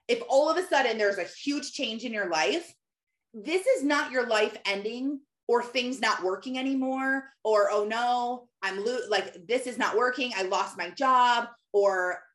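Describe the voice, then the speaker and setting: A woman in her thirties giving casual, encouraging faith-based coaching, chatting to viewers by name and laughing often. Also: on the high side. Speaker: Christian mentor hosting a live session.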